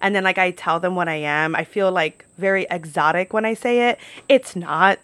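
A woman's voice: on the low side, normal speed, fairly bright tone, no room sound. A young woman from New York telling stories in a casual, chatty monologue, full of "like" and casual swearing. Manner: chatty, peppered with "like", swears freely.

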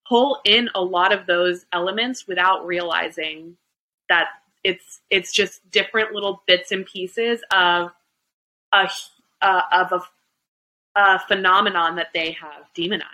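A woman's voice: mid-range voice, sharp tone, poor audio. A woman in her twenties hosting a podcast in casual chat, speaking in a thoughtful, earnest way and asking follow-up questions. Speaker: podcast host.

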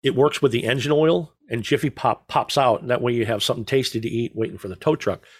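A man's voice: mid-range voice, fast talker, husky, dry recording. Rambling middle-aged man, dry close sound. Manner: rambling storyteller, joking deadpan. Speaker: podcast co-host. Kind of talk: casual chat.

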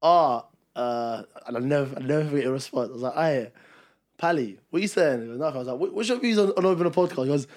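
Fast-talking young man. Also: a little high. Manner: rapid, animated, acts out quotes. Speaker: podcast co-host. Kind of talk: casual chat, storytelling.

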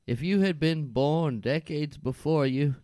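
A man's voice: a little high, a little slow, dark tone, dry recording, lightly acted. A man playing a scolding mother. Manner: cruel and doting by turns. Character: scolding disappointed mother in a dream.

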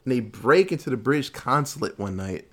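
A man talking through a movie plot in an easygoing, offhand way. He tells it loosely, packs it with fillers and curses freely. His voice sits at an ordinary middle pitch for a man. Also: brisk. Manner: loose, animated retelling with many fillers and swearing. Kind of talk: casual movie recap.

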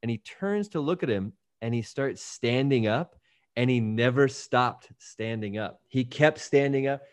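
Male podcast host, casual animated storyteller, does quick voices, dry booth sound. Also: medium pitch, clear, resonant tone, no room sound.

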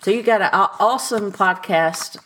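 A woman's voice: medium pitch, normal speed, fairly bright tone, a little hiss or hum. A woman with a Southern US accent hosting a Christian podcast, chatting in a cheerful, joking way. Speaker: podcast host. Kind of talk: casual podcast chat.

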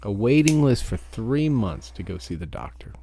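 A truck driver giving a profane, ranting podcast monologue. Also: male voice, on the low side, very animated, normal speed, vocal fry, dark tone, slight background noise.

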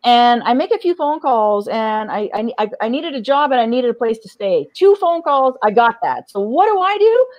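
A woman's voice: a little high, sing-song, normal speed, few pauses, dry recording, highs cut off. A middle-aged woman, an interview guest, frankly telling her personal story, often restarting and repeating words. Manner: frank, restarts and repeats words, laughs between heavy memories. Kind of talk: personal story told in conversation.

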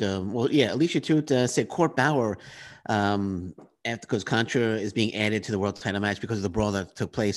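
A man from Queens co-hosts a casual wrestling talk show. He rants in an animated way. He often restarts his sentences. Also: medium pitch. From Queens, New York. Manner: animated, ranting, many restarts. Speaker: podcast co-host. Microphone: webcam.

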